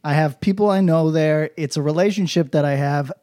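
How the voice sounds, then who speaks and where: A man's voice: a little high, fairly quick. A man co-hosting a comedy podcast, swearing constantly and riffing in loose, rambling rants. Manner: profane, riffing, swings into mock-patois shouts. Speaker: podcast co-host. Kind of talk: crude comedic podcast banter.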